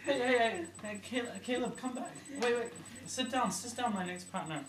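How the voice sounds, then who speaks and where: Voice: mid-range voice, normal speed, close to an everyday voice. A performer playing a put-upon institution worker who questions patients and gets exasperated, in an amateur comedy sketch. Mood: flustered. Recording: echoey, distant, noisy room.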